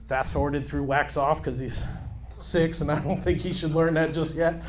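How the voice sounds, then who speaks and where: A man's voice: on the high side, steady tone, normal speed, crowd noise. A man in his thirties doing a crude, brash stand-up set on a comedy club stage, acting out voices of his family.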